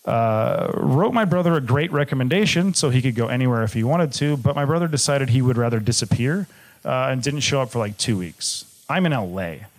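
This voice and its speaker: A young man from Michigan tells a personal story to a live audience. He talks candidly and swears freely, at a middle pitch. His delivery swings between offhand humor and plain gravity. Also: expressive, fairly quick. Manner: candid, swearing, shifts from jokey to grave. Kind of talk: personal story told on stage.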